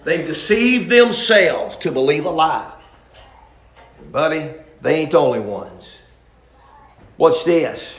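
A man's voice: fairly high pitch, expressive, slow, pauses often. Folksy preacher man, echoey. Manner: folksy, rising to shouts. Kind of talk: sermon.

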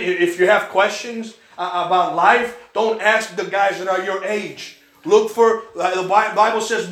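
A pastor with a high, bright voice preaches a sermon in an echoey church, weaving in a personal story. He tells it with animated energy, acting out the voices he quotes.

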